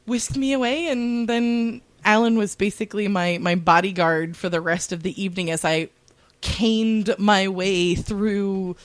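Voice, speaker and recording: A woman's voice: medium pitch, unhurried, dry recording. A woman guest on a podcast, casually telling a story and acting out what others said. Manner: animated storyteller, acts out quotes. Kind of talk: casual chat. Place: podcast studio.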